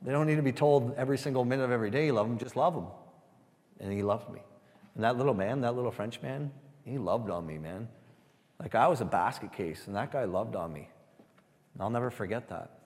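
A man giving a sermon testimony, halting and repeating words as he speaks to a church. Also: medium pitch, darkish tone, long reverb tail. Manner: halting, repeats words, asks the room "Amen?".

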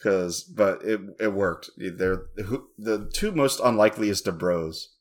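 A man's voice: lowish voice, a little slow. A man co-hosting a podcast, chatting casually and telling jokey stories. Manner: jokey, animated storyteller. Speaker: podcast co-host. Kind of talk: casual chat.

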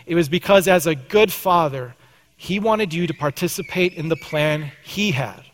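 A male pastor preaching in a church sanctuary, his slightly high voice carrying with a long reverb tail. He tells a family anecdote in a relaxed, conversational way, poking fun at himself before turning to the lesson. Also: normal speed, slight background noise. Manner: storytelling, conversational and self-deprecating. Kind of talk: sermon.

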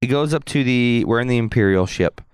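A man co-hosting a casual podcast chat, recapping with animated storytelling. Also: mid-range voice, a little fast, clear, resonant tone, no room sound, studio quality. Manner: animated storytelling with acted quotes. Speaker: podcast co-host.

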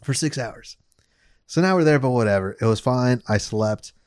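Podcast guy rambling thru a story, cussing and laughing, middle pitch, dry close mic. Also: animated, normal speed, darkish tone, dry recording. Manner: laid-back storyteller, swears freely and laughs often. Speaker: podcast co-host. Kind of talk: casual podcast chat.

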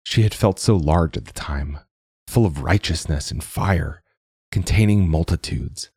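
A man narrating a science fiction story in a measured reading. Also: low voice, darkish tone, slightly rough, no echo, clean studio sound. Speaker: audiobook narrator. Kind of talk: scripted narration.

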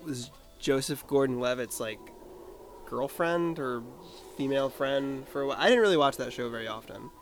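A man co-hosting a casual movie podcast, talking in a relaxed, dry way. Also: medium pitch, moderate pace, a little hiss or hum. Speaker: podcast co-host. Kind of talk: casual movie review chat.

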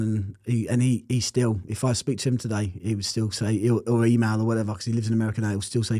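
A man's voice: lowish voice, fairly even intonation, fast, hardly any pauses, dark tone, breathy edge, no echo, clean studio sound. A man telling his personal testimony in an interview, earnest and reflective. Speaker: interview guest.

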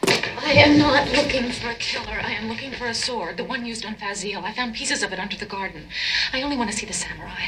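A woman's voice: fairly high pitch, fast talker, noisy background, close to an everyday voice. An actress playing a driven female forensic investigator in a film scene, speaking in an intense, insistent way.

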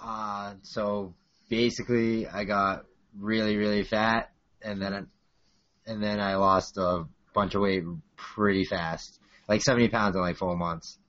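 A man's voice: on the low side, steady tone, unhurried, a bit bright, muffled recording. Boston-accented man in his twenties. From South Korea. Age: 20s. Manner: rambling, filler-heavy storytelling. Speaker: guest. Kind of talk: casual podcast chat.

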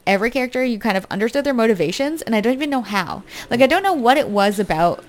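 A woman's voice: on the high side, lively intonation, quick pace. A woman in casual conversation about a film, agreeing eagerly and laughing often. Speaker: podcast co-host.

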